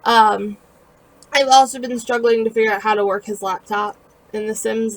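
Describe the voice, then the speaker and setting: A woman's voice: mid-range voice, level tone, fairly quick, creaky, low-quality recording. A woman casually narrating her own building video in a chatty, rambling, self-deprecating way with lots of fillers, sounding tired. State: tired and yawning.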